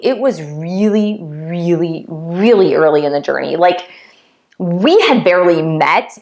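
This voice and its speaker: A woman vlogging a heartfelt spiritual testimony, talking earnestly and casually, repeating phrases and filling gaps with "like", emotional and close to tears at times. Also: fairly low pitch. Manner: earnest, repetitive, many "like" fillers.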